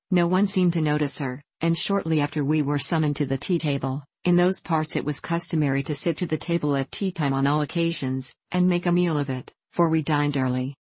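A woman reads a classic novel aloud in a measured, even storytelling manner. Her voice sits low, and the recording is dry and close. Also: slightly rough, no echo. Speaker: audiobook narrator. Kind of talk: scripted narration of a classic novel.

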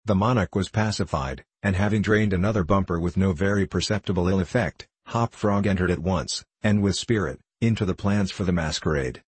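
A man narrating a classic tale as an audiobook, in a measured, steady manner. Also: sits low, husky, dry recording. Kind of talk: audiobook reading.

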